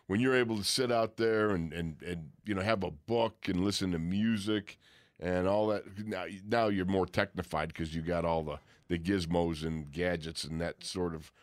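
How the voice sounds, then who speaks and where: A man's voice: low voice, fairly even intonation, normal speed, no room sound. A man in casual chat with an easygoing manner, often tacking on "man".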